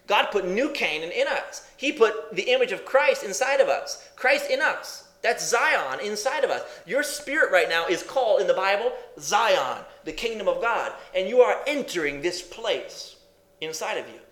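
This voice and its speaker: A man's voice: high voice, big pitch swings, normal speed, fairly bright tone, echoey room. A male preacher teaching a sermon in an emphatic way, asking questions and repeating phrases.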